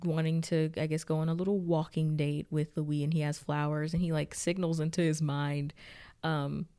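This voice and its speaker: A woman with a notably low-pitched voice recaps a TV episode in an unhurried, conversational way. She rambles, restarts her sentences and peppers almost every phrase with "like". It sounds like an easygoing solo vlog monologue. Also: flat delivery, mellow, clear, resonant tone. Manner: chatty, heavy use of "like", rambling restarts. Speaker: TV recap reviewer. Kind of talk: casual spoken recap.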